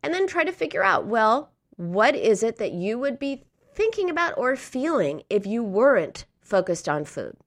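A woman's voice: mid-range voice, fairly bright tone, dry recording. A woman giving an earnest, encouraging coaching talk to listeners, now and then acting out a harsh inner voice. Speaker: speaker on emotional eating.

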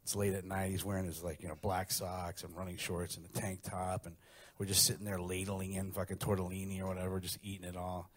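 Middle-aged man, stand-up comedian, brash profane storytelling, lowish voice. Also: little pitch movement, fairly quick. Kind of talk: stand-up set.

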